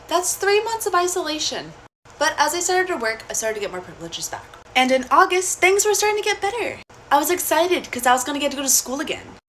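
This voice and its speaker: A young woman telling a personal story in a casual, blunt and profane way, animated throughout. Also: high voice, fast talker, slight background noise.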